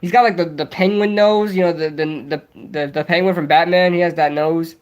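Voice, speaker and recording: A young man hosting a casual livestream, rambling excitably and answering viewers' chat as he goes. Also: on the high side, fairly quick. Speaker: livestream host.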